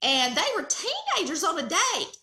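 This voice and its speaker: A woman's voice: very high-pitched, moderate pace, reverberant. A middle-aged woman with a Southern accent, hosting a cooking channel and telling family stories in a folksy, chatty way. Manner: folksy, animated storyteller. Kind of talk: casual storytelling chat.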